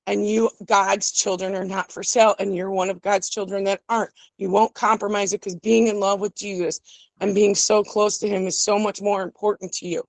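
A woman's voice: medium pitch, flat delivery, moderate pace, gravelly, dry recording, rough recording. A woman calling in to a talk show who speaks earnestly and gets emotional. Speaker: caller. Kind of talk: call-in talk.

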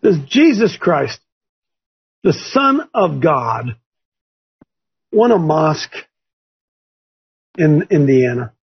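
A man preaching fiercely to his listeners. He repeats short phrases for force and rises into shouts. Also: on the high side, very animated, very slow, pauses often, slightly rough. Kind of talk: fiery preaching talk. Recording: dull lo-fi recording.

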